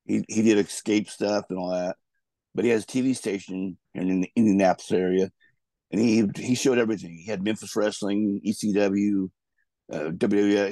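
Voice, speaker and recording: A low, gravelly man tells loose, rambling stories about his wrestling career. His tone is dark and mellow, and the sound is dry and close. He restarts his sentences often as he talks. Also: dry recording. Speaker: guest, former pro wrestler. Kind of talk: casual storytelling interview.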